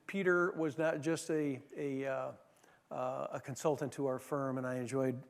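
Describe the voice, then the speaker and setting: Man telling stories in a reverberant hall. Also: medium pitch. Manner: storytelling, many fillers and restarts. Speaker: former managing partner giving a talk. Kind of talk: anecdotal leadership talk.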